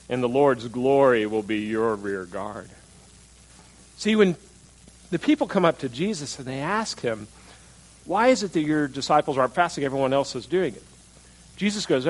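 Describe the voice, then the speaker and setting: A man's voice: mid-range voice, low-quality recording. A man preaching a sermon in a conversational style, asking the congregation questions and acting out attitudes in mocking voices. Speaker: pastor.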